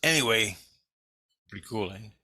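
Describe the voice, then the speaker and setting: Middle-aged man, gruff profane storyteller, low pitch with a bright edge, dry close mic, rambles then gets loud. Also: moderate pace, no echo. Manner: profane, rambling, animated when excited. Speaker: vlogger. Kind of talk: casual storytelling monologue.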